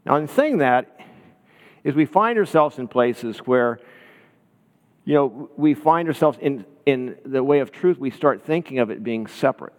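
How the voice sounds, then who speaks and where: A man's voice: mid-range voice, expressive, measured pace, big-room sound. A man preaching a sermon in a conversational, storytelling way, often checking in with his listeners. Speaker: pastor.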